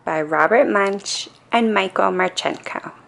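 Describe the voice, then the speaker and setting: A woman reading a bedtime story aloud, gentle and expressive. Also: medium pitch, a little slow, vocal fry. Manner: gentle and expressive, with playful voices. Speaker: storybook reader.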